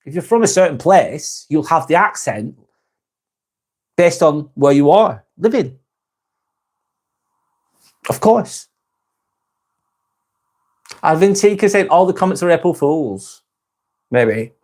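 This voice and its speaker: A British man hosting a live stream, chatting with viewers in a calm, relaxed, easygoing way. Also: a little high, slow pace, pauses often. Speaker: live-stream host reading viewer comments. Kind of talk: casual live-stream chat.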